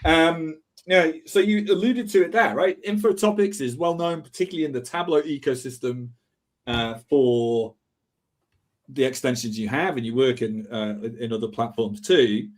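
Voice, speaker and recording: A man hosts a live online show over a video call, his voice sitting at an ordinary middle pitch. He talks in a loose, chatty way, jumping up in energy at the start of each new point before trailing off. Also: normal speed. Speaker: host. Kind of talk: casual live-stream chat.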